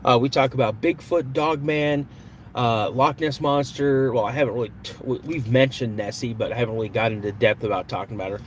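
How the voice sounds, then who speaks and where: A man's voice: medium pitch, fairly even intonation, brisk. Easygoing male host, live stream chat, friendly banter, faint background noise. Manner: chatty, greets viewers and jokes around. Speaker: podcast host.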